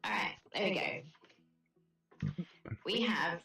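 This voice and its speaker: A woman's voice: lowish voice, drawn-out words, vocal fry, bright, forceful tone, faint music behind. Giggly Australian woman in an echoey room. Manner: chatty, giggly, self-deprecating. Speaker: stream host and artist. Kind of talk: casual chat while drawing.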